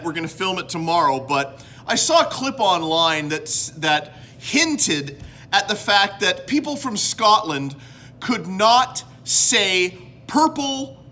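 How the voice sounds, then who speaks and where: A man's voice: sits high, bright, forceful tone, a little hiss or hum. A man from Canada hosting a casual home vlog, rambling and joking at his own expense. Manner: rambling, self-mocking, jokey. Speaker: host.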